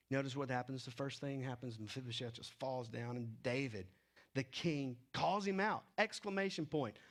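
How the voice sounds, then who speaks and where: A man preaching a sermon, with animated delivery that swings between loud emphasis and hushed, low stretches. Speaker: pastor.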